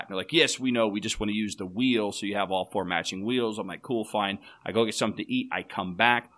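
Young guy ranting on a podcast, bright sharp voice, acts out what everyone said, swears a lot. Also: on the low side, fast talker, hardly any pauses. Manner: exasperated storytelling, acts out quotes, swears. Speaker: podcast co-host. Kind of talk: casual ranting podcast chat.

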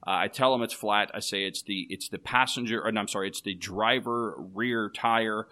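A man's voice: lowish voice, steady tone, normal speed, pushed and bright. A young man co-hosting a podcast, telling a frustrated story in casual chat, acting out the quotes and swearing. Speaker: podcast co-host.

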